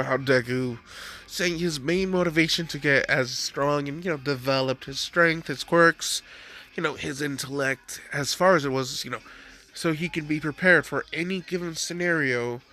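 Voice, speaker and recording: A man's voice: a little high, bright, forceful tone. A young man improvising a fan story, rambling with lots of fillers. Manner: rambling, full of "you know" and "like".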